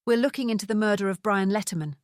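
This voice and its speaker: A woman voicing a tall male private investigator who talks politely and in a measured way, in an audiobook. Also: medium pitch, dry recording, clean studio sound, close to an everyday voice.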